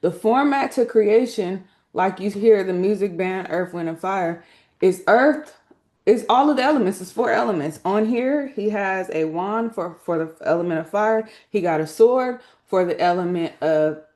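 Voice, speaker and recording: A woman's voice: mid-range voice, lively intonation, normal speed, a little mellow. A woman teaching spiritual lore through tarot cards in a casual, emphatic way, speaking colloquially and often checking in with her listeners. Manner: colloquial, slangy phrasing.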